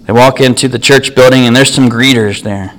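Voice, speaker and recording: A man's voice: medium pitch, steady tone, a little fast, a bit bright, poor audio. A man preaching a sermon, telling an everyday story in an earnest, conversational way.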